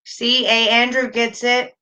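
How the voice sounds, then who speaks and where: A middle-aged woman hosting a casual livestream, talking warmly and reassuringly while reading chat comments aloud. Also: fairly high pitch, flat delivery, measured pace. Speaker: livestream host.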